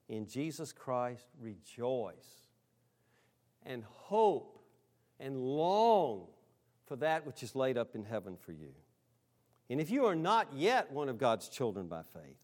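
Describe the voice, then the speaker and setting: A pastor preaching in a chatty, storytelling way, addressing his congregation directly. At times his voice swells into loud emphasis, and at others it drops to a soft, near-whispered hush. His voice sits at an ordinary middle pitch. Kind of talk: sermon.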